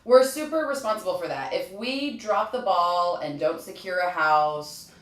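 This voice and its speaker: A woman real estate agent chatting casually, telling anecdotes with quick asides. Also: lowish voice. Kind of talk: casual chat. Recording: roomy echo, distant mic.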